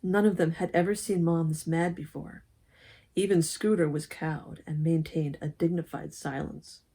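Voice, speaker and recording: A woman reading a children's story aloud at a church service, lively and expressive, with asides to the listeners. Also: deep voice, normal speed, slightly rough. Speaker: lay speaker at a church service.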